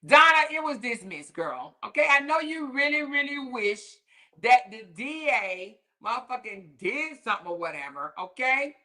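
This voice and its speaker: A woman's voice: sits high, lively intonation, moderate pace, bright, forceful tone. A woman hosting a casual commentary talk show, speaking sassily with lots of profanity, mockery and laughter. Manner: sassy, profane, mocking, laughs often. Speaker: commentary host.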